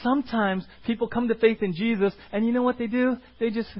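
A man preaching a sermon as pastor, animated and acting out the voices of the people he quotes. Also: very high-pitched, fairly quick, few pauses, lo-fi sound.

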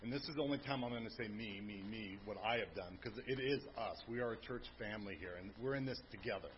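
A man in his fifties, serving as family pastor, giving an emotional, earnest testimony to his church in a booming voice. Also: fast. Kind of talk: personal testimony. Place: church sanctuary. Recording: dull lo-fi church audio, faint hum.

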